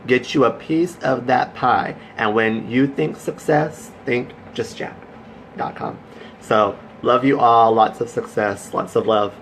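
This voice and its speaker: A man's voice: medium pitch, slow pace, a bit bright, slight background noise. A man hosting a casual live stream, chatty and effusive, greeting viewers by name and cheering them on. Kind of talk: casual Facebook Live chat.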